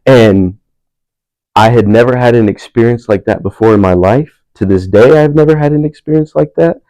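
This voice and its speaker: A man's voice: medium pitch, normal speed, dark tone, dry recording, poor audio. A young man on a panel telling a personal story in a laid-back, self-mocking way, laughing often. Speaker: panel speaker.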